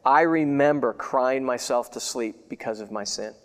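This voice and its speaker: A man preaching a sermon as a pastor, talking in a conversational, earnest way, repeating himself and swinging between loud declarations and hushed remembering. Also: mid-range voice, moderate pace, clear, resonant tone. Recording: hall with long reverb.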